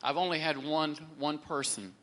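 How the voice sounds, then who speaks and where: A man's voice: a little high, normal speed, a bit bright. Middle-aged man, casual faith testimony, rambling storyteller with many restarts. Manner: rambling, repeats words, acts out quoted people.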